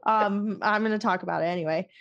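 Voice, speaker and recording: A woman's voice: medium pitch, quick pace, creaky, dull audio. A young woman hosting a casual podcast chat, rambling with lots of fillers and frequent laughter. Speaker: podcast host.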